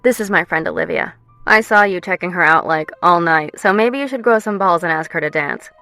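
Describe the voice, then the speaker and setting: A woman's voice: on the low side, a little fast, bright, forceful tone, soft background music. A woman voicing a brash young woman who is direct, bossy and foul-mouthed. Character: bold, brash young woman, blunt best friend.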